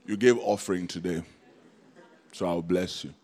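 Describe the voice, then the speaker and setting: Preacher as a fussy God doling out favor, low and slow. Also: male voice, fairly even intonation, a little mellow. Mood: grudging. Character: God as a picky judge, male, grudging.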